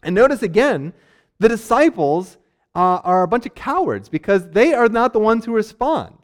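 A man preaching a sermon on a Bible passage, conversational, acting out the characters in quick asides. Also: high-pitched, big pitch swings. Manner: frequent fillers and restarts, laughs lightly.

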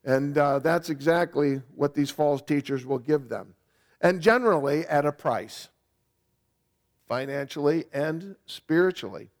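Man, pastor, sermon, high voice, emphatic, repetitive, microphone. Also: measured pace. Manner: emphatic, repetitive, with bursts of loud stress. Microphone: microphone on a sound system.

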